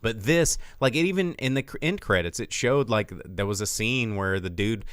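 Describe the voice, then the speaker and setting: Animated man telling a story. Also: moderate pace, smooth, no room sound, studio quality. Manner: animated storytelling, acts out quotes with big pitch jumps. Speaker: podcast co-host. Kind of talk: casual chat.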